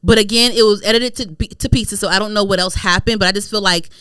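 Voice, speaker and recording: Rambling animated podcast woman. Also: mid-range voice, quick pace, clear, resonant tone, no echo, clean studio sound. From United States, Prince George's County, Maryland. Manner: animated, rambling, many fillers and restarts. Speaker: podcast co-host. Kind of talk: casual chat.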